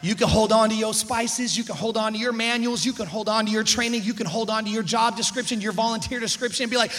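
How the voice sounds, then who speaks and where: A man preaching a sermon as pastor, animated, acting out characters with shifting voice and loudness. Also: sits high, quick pace, few pauses.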